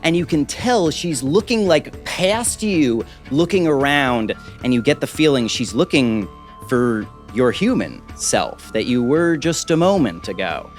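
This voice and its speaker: A man running a tabletop game, narrating scenes in a lively, casual storytelling way. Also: medium pitch, measured pace, soft background music. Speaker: game master.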